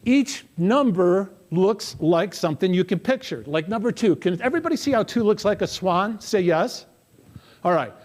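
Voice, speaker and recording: A middle-aged man giving a lively motivational talk, coaxing his audience through memory exercises. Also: high voice, moderate pace. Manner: energetic, coaxing audience participation. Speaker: motivational speaker. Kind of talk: interactive memory workshop talk.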